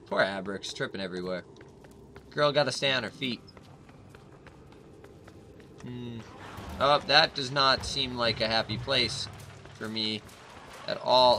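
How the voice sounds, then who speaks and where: A man hosting a gaming channel, chatting casually and rambling with lots of filler, breaking into sudden excited outbursts while he plays. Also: mid-range voice, a little slow, long pauses, faint music behind. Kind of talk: casual let's-play commentary.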